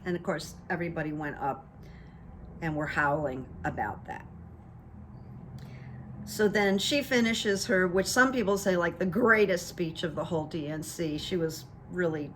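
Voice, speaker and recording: An unhurried, middle-aged woman talks through a recap in a loose, conversational way. She slips into quick impressions of the people she describes. There is a faint hiss of noise behind her. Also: fairly low pitch. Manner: animated storyteller, acts out what others said. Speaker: political commentary vlogger and hypnotherapist. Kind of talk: casual chatty recap.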